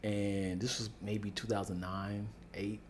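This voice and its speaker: A man's voice: on the low side, unhurried, a little hiss or hum. A man co-hosting a podcast, telling stories in casual chat and jumping into put-on voices. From United States. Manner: animated storyteller, jumps into loud put-on voices. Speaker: podcast co-host.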